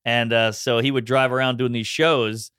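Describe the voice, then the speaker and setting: Guesting in a relaxed conversation, a thirty-something comic from New Orleans, Louisiana, tells a story and performs the voices of its characters. His mid-range voice is clear and resonant, at a moderate pace, recorded at studio quality without any room sound.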